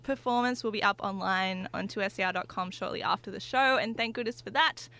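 A woman's voice: mid-range voice, a little fast, sharp tone. Cheerful woman radio host. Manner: cheerful, laughing easily. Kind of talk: live radio chat. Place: radio studio. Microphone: studio microphone.

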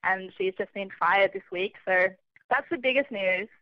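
A woman chats down a slightly dull, lo-fi phone line, sounding like a travelling correspondent calling in to a radio show. Her voice sits at an ordinary middle pitch and the line is dry, with no room sound around it. She talks in a relaxed, friendly way, laughs easily and makes jokes at her own expense. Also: moderate pace, no room sound. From Australia. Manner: chatty, laughs often, relaxed and self-mocking. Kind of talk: casual radio chat. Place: calling in from far away.

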